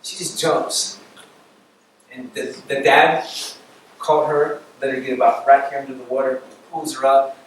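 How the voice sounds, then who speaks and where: A young man giving a casual campus sermon, animated storytelling that acts out the people he quotes. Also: medium pitch, a little slow, slight background noise. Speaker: campus ministry speaker. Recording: echoey room recording from far off.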